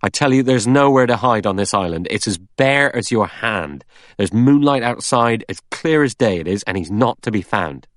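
A man's voice: lowish voice, animated, moderate pace, a bit bright, dry recording, studio quality, pitched above the performer's own voice. A man reading aloud and voicing a blunt man who speaks emphatically and insists he is right. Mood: insistent.

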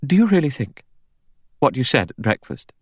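A man's voice: medium pitch, sing-song, moderate pace, slightly rough, no echo, voice pushed up. A man voicing a frightened young woman close to panic, speaking in a breathless, pleading way in an audiobook. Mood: anxious.

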